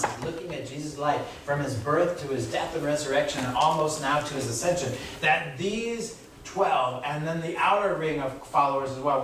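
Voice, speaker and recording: A middle-aged man from California preaching a sermon as a pastor, talking conversationally and tagging phrases with "right?" and "you know?". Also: a little high. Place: church sanctuary. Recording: echoey hall from far off with room noise.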